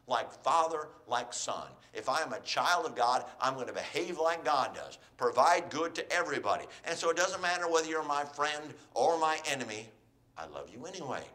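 A man's voice: mid-range voice, pushed and bright. A man preaching a sermon in an earnest, exhorting way, putting questions to his listeners.

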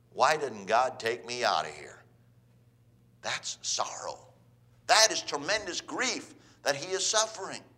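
A man preaching a sermon, swinging between loud emphatic lines and quiet ones, asking his listeners rhetorical questions. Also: fairly high pitch. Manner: asks the audience rhetorical questions.

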